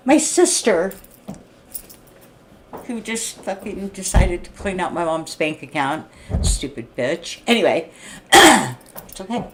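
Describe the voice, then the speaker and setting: A middle-aged woman ranting to camera in a blunt, profane, heated way, often clearing her throat. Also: mid-range voice, lively intonation, unhurried, slight background noise. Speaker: vlogger. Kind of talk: unscripted rant to camera. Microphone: streaming setup mic.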